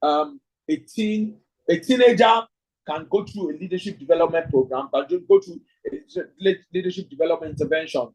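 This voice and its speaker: A man leads an online leadership class. His voice is slightly high and husky. He thinks aloud, tags his points with "right?" and reads out answers from the class. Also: very animated, brisk, darkish tone, low-quality recording. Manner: thinking aloud, frequent "right?" tag questions; reads participants' chat answers. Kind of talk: online class lecture with audience questions.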